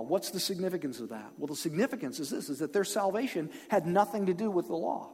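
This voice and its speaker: Animated preacher with a high, lively voice. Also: male voice, fast talker, few pauses, breathy edge, big-room sound. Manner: emphatic, calls on the congregation to respond. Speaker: pastor. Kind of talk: sermon.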